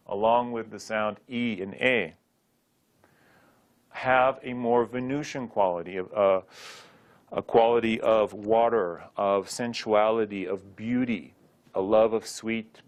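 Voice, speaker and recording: A man teaching a recorded Sanskrit lesson, patiently drilling sounds aloud with light joking asides. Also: lowish voice.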